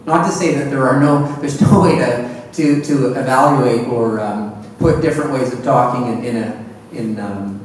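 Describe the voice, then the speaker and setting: A man's voice: mid-range voice, moderate pace. A man in the role of a translator and professor, talking through his answer on a seminar panel. He repeats words as he gropes for the right phrasing. His voice comes from some distance in a very echoey hall, with a faint hiss underneath. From Edmonton, Canada.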